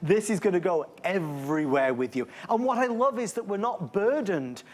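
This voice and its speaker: High-voiced, gushing male shopping host. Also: expressive, normal speed. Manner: enthusiastic, gushing salesman patter. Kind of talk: TV shopping presentation. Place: TV shopping studio.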